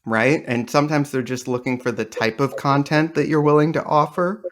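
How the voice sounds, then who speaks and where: A man's voice: fairly high pitch, steady tone, normal speed, fairly bright tone. A male comedian and playwright guesting on a podcast, telling rambling stories with a dry, joking manner in casual interview chat.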